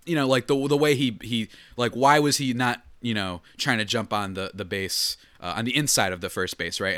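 A man's voice: fairly low pitch, moderate pace, a bit bright, no echo, clean studio sound. A man hosting a solo sports podcast, talking casually and animatedly with lots of fillers and restarts. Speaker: podcast host.

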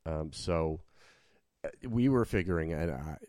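Deep, mellow-voiced man chatting casually. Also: lively intonation, unhurried, no echo. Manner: rambling, with many restarts and fillers. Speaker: podcast host and working cover-band musician. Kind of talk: casual conversation.

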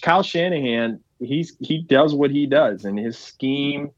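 A man's voice: mid-range voice, measured pace, no room sound, lo-fi sound. A man talking as a guest on a sports podcast, breaking down football in long, analytical run-on lists.

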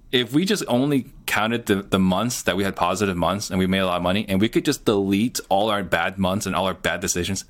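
A man's voice: deep voice, a bit bright. A middle-aged man, a guest on an interview show, talking earnestly and plainly with lots of "you know". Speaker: guest, real estate entrepreneur. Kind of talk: casual interview talk.

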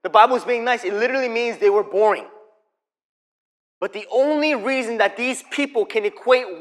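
A young male preacher with a high voice delivers a sermon in a church. He swings between fervent, punchy declarations and hushed, intimate storytelling. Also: moderate pace. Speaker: pastor.

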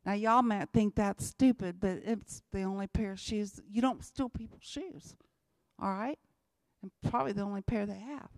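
A woman's voice: medium pitch, normal speed, a little mellow, dry recording, clean studio sound. A woman, giving an emphatic church talk about mission work and repeating her key lines. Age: 60s. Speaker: missionary speaker.

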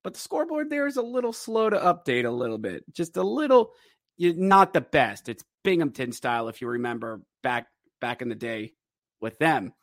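A man hosting a podcast, recapping a hockey game as a fan, excitable and sarcastic, shouting the goal calls. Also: a little high, moderate pace, no room sound, clean studio sound.

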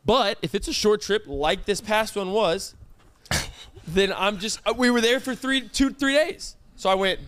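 A young American man co-hosting a podcast in casual chat, animated and teasing, often laughing. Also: high voice, a little slow, no echo. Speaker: podcast co-host.

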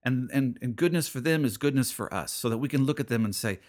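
A man's voice: mid-range voice, quick pace, darkish tone. A man hosting a radio show, preaching in an earnest, conversational way and often repeating his phrases. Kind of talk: radio sermon.

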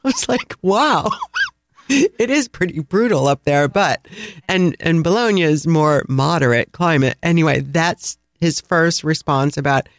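A man with a Chicago accent, co-hosting a travel podcast and telling a lively anecdote with frequent laughs. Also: fairly high pitch, unhurried, dry recording. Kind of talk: casual storytelling chat.

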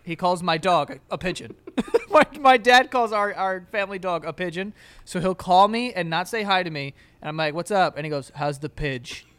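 Young man, high voice, podcast co-host, laughs a lot, animated storytelling. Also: brisk, smooth. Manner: animated storyteller, laughs often, acts out his dad. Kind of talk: casual chat.

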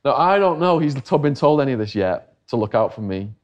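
A man's voice: medium pitch, very animated, a little fast, lo-fi sound. A middle-aged English man telling a long story in a casual interview, acting out the voices of the people he quotes. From England. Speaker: interview guest.

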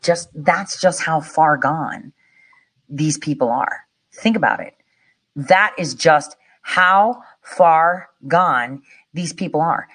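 A woman vlogger giving casual, animated commentary, often laughing and incredulous. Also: sits low, breathy edge.

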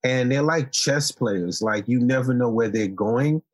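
A man from Haiti, a guest in a casual interview, telling stories in a relaxed, playful way and laughing often. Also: medium pitch, unhurried, no room sound.

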